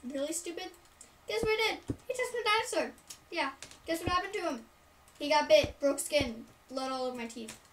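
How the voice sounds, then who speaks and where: High-voiced young woman rambling a story. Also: lively intonation, moderate pace. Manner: rambling, many fillers, side remarks. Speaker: storyteller vlogger. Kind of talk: casual story time. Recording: distant mic, noisy room.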